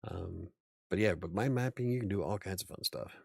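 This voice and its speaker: A man's voice: deep voice, a little fast, gravelly, darkish tone, slightly rough, no room sound, clean studio sound. A man hosting a casual livestream as an author, rambling a little, chuckling and answering chat comments aloud.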